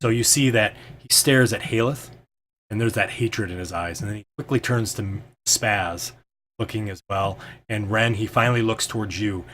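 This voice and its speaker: A man's voice: on the low side, moderate pace, fairly bright tone, a little hiss or hum. A man as game master, narrating a tabletop game in a hesitant way with many ums and restarts.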